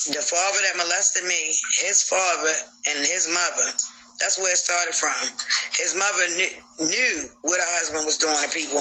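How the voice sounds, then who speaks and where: A man tells his story in a raw, cursing, emphatic way on a live stream. His voice is very bright and edgy, and it sits a little high for a man. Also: slight background noise, poor audio. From Baltimore, USA. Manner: blunt, profane, emphatic storytelling. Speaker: guest telling a personal story on a live stream. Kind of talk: candid live-stream testimony.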